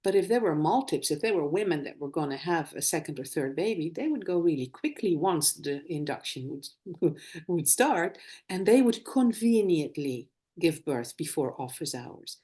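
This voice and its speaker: A middle-aged woman, a former nurse and birth educator, talking in a live conversation and telling lively stories from her practice. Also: deep voice, moderate pace. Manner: animated storytelling, acts out quoted dialogue.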